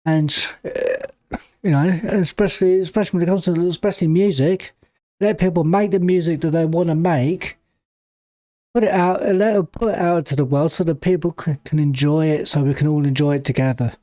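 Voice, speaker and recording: A man's voice: on the high side, steady tone, a little fast, dark tone, no echo. A man hosting a reaction video, indignant and swearing heavily as he comments. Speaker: reaction channel host.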